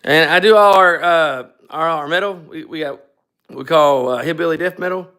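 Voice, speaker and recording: A man's voice: a little high, normal speed, bright, forceful tone, clear, resonant tone. A man co-hosting a scooter garage live stream, chatting in a loose, joking, rambling way. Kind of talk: casual live-stream chat.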